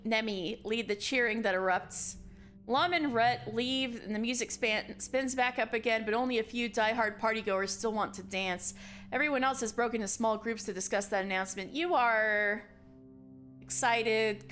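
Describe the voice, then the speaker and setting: A young woman streamer reading a story game aloud in a slow, theatrical way, breaking off for swearing asides. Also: fairly high pitch, fairly bright tone. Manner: reads dialogue slowly and dramatically, swears and laughs in asides. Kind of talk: reading a visual novel game aloud with commentary.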